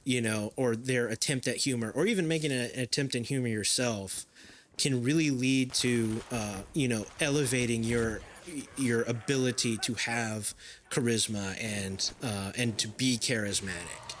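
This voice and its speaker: A man's voice: mid-range voice, normal speed, slight background noise. Man talking in long rambling runs. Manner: animated storyteller, talks in long rambling runs. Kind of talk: casual conversational chat.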